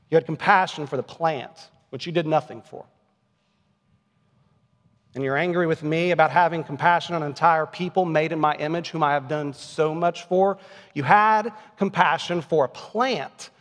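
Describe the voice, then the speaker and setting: A patient divine voice asks measured, probing questions without raising itself, as a preacher puts it on. The delivery stays close to an everyday speaking voice. Long reverb rings behind it, as in a large hall. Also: male voice, a little high, lightly acted. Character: patient questioning God, calm older male.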